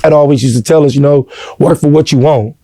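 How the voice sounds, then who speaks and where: An earnest man tells his story in a relaxed interview, constantly checking in with "you know what I'm saying." His voice is dark and mellow. It is recorded dry and close, with no room sound. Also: a little high, quick pace, no room sound. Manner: earnest, heartfelt. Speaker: interview guest. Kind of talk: casual personal storytelling.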